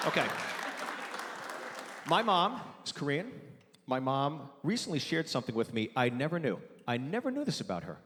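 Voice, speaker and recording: A man doing stand-up in a big theater, his fairly high voice swinging widely as he rants with brash, mock-exasperated energy. The sound carries a long hall reverb, with a crowd murmuring faintly behind him. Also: a bit bright. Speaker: stand-up comedian. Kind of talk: stand-up comedy set. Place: large theater with live audience.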